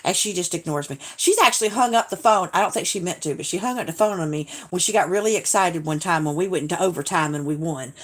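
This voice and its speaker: A woman's voice: lowish voice, fast talker, few pauses. A woman chatting casually on a live stream, reading viewer comments aloud and laughing often.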